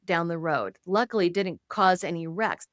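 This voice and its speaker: A woman guest on a podcast, telling stories in an animated way and slipping into quoted voices. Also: on the low side, moderate pace, dry recording, clean studio sound. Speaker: podcast guest, intuitive and author. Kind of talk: conversational storytelling.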